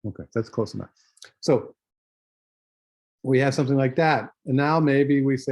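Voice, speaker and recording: A man teaching a graphic design class, walking through software steps with a relaxed, thinking-aloud manner and many fillers. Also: medium pitch, normal speed, pauses often, no room sound. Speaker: design instructor. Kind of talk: screen-share software tutorial.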